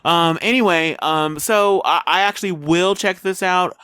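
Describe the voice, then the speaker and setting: Rambling man with a smooth voice. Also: high voice, measured pace, bright, forceful tone, dry recording, studio quality. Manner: rambling, with many fillers and restarts. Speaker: podcast co-host. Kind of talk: casual chat reviewing a trailer.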